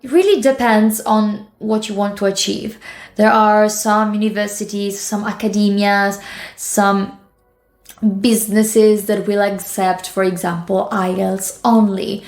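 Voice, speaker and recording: A woman's voice: medium pitch, little pitch movement, a little mellow, faint music behind. Chatty woman teaching in an echoey room. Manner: chatty, explains with quick examples and asides. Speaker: English teacher. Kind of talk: casual teaching talk to camera.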